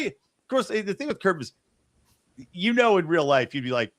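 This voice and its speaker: A man's voice: high voice, sing-song, normal speed, no room sound. A man hosting a podcast, telling the story of a TV episode in casual chat and acting out the characters' lines. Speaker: podcast host.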